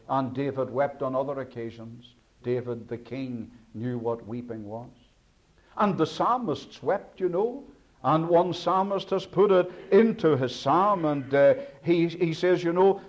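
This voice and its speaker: Dynamic male preacher, lo-fi recording. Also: a little slow. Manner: rising to emphatic peaks, then dropping to hushed low endings. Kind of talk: sermon. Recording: dull lo-fi sermon recording.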